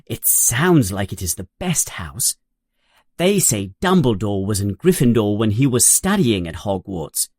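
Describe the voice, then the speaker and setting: A narrator voicing a bossy, fast-talking know-it-all schoolgirl in a children's story, pitching the voice higher. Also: big pitch swings, darkish tone, dry recording, studio quality. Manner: quick and bossy.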